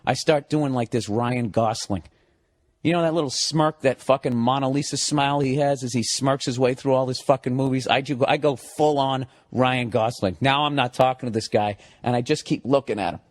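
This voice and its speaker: Male stand-up comic, mid-pitched voice, swears a lot, rants and builds to shouted peaks. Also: moderate pace. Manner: profane, ranting, builds to loud outbursts. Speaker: stand-up comedian. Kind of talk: stand-up storytelling.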